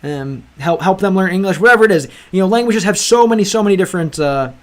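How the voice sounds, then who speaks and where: A man's voice: high voice, lively intonation, quick pace. Rambling young man streaming. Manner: rambling, restarts often, calls viewers bro. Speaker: livestream host. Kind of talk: casual chat with live chat.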